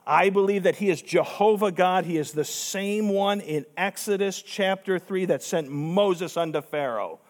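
Man, high voice, preaching a sermon, emphatic, rhetorical questions. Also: measured pace, few pauses. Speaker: pastor.

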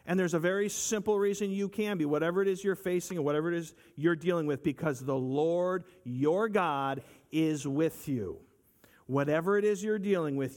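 A man's voice: fairly high pitch, a little mellow. A man preaching a sermon in an earnest voice, repeating his phrases and asking the listeners for agreement. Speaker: pastor.

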